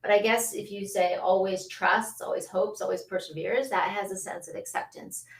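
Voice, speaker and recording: A woman's voice: mid-range voice, steady tone, normal speed, distant mic. A woman talks casually to her livestream viewers, laughing often and stopping to greet them by name. Her voice carries a roomy echo, and she sits a little back from the mic. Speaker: livestream host.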